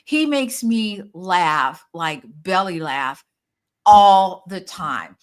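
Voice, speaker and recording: A woman's voice: on the low side, animated, very slow. A woman co-hosting a casual chat, offering encouraging advice. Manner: encouraging, gives advice, many affirming murmurs. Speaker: podcast co-host.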